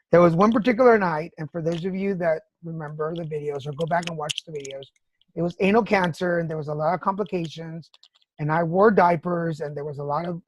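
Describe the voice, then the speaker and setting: A woman's voice: fairly low pitch, a little hiss or hum. A woman hosting a podcast, telling personal stories frankly with swearing and laughter. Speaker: podcast host. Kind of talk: candid casual chat.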